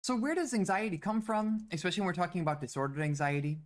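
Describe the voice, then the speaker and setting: Low-voiced woman giving a psychology lecture. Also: fast. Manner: explanatory, with fillers and restarts. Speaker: psychology instructor. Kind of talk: recorded lecture.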